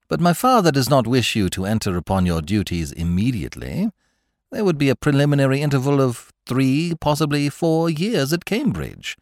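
A man reading the part of a suave, airy young gentleman who talks in elaborate, formal phrases. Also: medium pitch, dry recording, studio quality, lightly acted.

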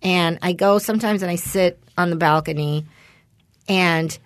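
A middle-aged woman co-hosting a podcast, telling a rambling story in casual chat and putting on animated voices when she quotes people. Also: on the low side, normal speed, dry recording, clean studio sound. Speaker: podcast co-host.

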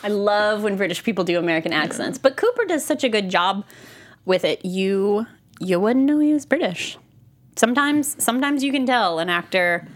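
A woman's voice: medium pitch, very animated, moderate pace. A woman co-hosting a podcast in a studio, chatting casually about a TV show, rambling with lots of fillers and restarts. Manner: rambling, full of fillers and restarts, laughs easily. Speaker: podcast co-host. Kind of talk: casual chat recapping a TV show. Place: recording studio.

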